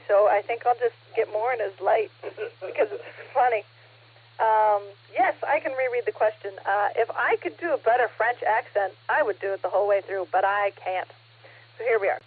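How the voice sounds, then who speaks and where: A woman's slightly husky voice comes through a thin, band-limited radio link. She reads a trivia question aloud with a playful, teasing manner. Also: medium pitch. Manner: playful, joking. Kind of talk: casual radio chat. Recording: tinny radio transmission.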